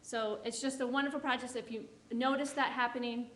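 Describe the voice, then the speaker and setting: Woman guest speaker, soft soothing talk, slightly high voice, leading a meditation at church. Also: fairly even intonation, a little fast, slight background noise. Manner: gentle, soothing, encouraging. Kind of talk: inspirational sermon leading a guided meditation. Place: church service.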